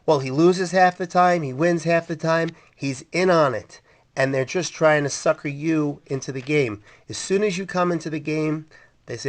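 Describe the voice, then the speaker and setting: A man with a slightly high voice lays out how a street scam works. He goes step by step in a plain, matter-of-fact way. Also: normal speed. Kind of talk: casual explanation.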